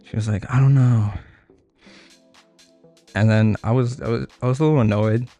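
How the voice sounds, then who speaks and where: In a loose, rambling storytime, a young streamer speaks quickly in a lowish, dark-toned voice. He swears freely, piles on filler words, and laughs at his own tangents while faint music plays in the background.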